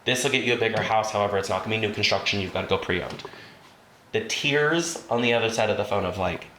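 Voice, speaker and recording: A man's voice: fairly low pitch, fast talker, pushed and bright. Man telling stories to a training room. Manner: storytelling, acts out quoted voices. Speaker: real estate trainer. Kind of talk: training talk to a class. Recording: roomy room with faint noise.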